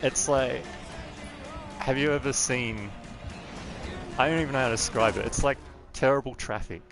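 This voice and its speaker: A man with an Australian accent, chatting casually and rambling into rants while livestreaming a game. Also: medium pitch. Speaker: gaming livestreamer. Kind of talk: casual gameplay commentary.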